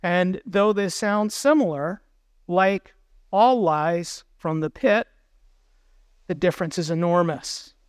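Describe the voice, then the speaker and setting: A man's voice: high voice, slow, clean tone, dry recording. A man preaching a sermon as pastor, earnest, putting questions to the congregation.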